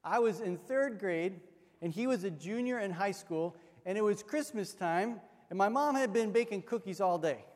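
A high-voiced male pastor gives a story-driven sermon. He acts out the people in his anecdote with animated delivery. The sound carries a long reverb from a large church hall. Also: normal speed.

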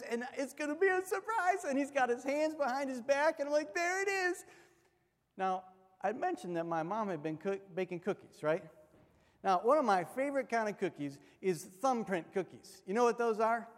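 Acting out each person in his anecdote, a high-voiced male pastor delivers an animated, story-based sermon at a moderate pace. Long reverb from the big church hall colors the sound.

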